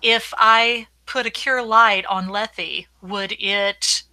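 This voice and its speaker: A woman's voice: mid-range voice, fairly even intonation, slow, bright, forceful tone, no echo. A woman playing a tabletop game, speaking carefully as she asks about the rules. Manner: careful, asking rules questions. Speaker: player.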